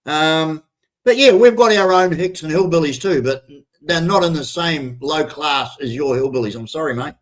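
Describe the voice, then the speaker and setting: An older man with a broad Australian accent holds forth on a live stream in a blunt, profane rant. His voice sits high for a man, and he keeps stumbling into restarts as he builds up steam. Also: lively intonation, normal speed, poor audio. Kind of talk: ranting commentary.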